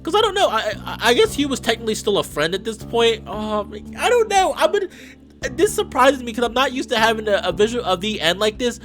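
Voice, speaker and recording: A young man hosting a let's play, giving casual, rambling commentary with lots of restarts and excited asides. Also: very high-pitched, fast talker, faint music behind. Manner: rambling, self-interrupting, excitable.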